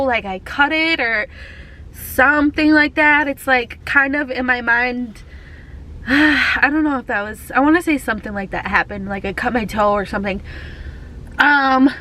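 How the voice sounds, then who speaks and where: A woman's voice: sits high, pushed and bright, a little hiss or hum. A young woman from Texas chatting casually while eating in her parked car, rambling through stories with lots of fillers. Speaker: vlogger. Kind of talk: casual car mukbang chat.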